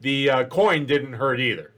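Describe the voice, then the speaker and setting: A man's voice: medium pitch, a little slow, a bit bright. A man narrating a tabletop game as game master, loose and rambling with lots of fillers.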